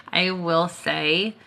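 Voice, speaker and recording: A woman's voice: on the low side, vocal fry, a bit bright. A tired woman chatting casually on a live stream, telling stories and laughing often. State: tired, worn out. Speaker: Reiki healer hosting a live stream.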